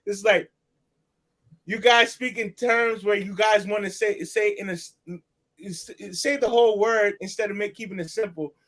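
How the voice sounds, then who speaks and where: An American man co-hosting a boxing talk show in casual chat, animated and fired up, full of slang. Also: sits high, normal speed.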